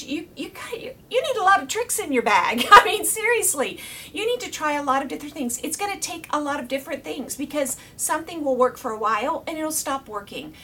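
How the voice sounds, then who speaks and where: A middle-aged woman giving a casual faith teaching to her viewers, animated, laughing often and dropping to a whisper for emphasis. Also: high voice, far from the mic, a little hiss or hum. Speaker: Christian video teacher.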